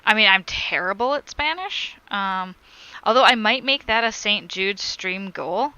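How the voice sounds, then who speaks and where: Bright, crisp-voiced woman streamer. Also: medium pitch, expressive, measured pace, no room sound, muffled recording. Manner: chatty, reads viewer comments aloud and answers them. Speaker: crochet live streamer. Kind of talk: casual live-stream chat.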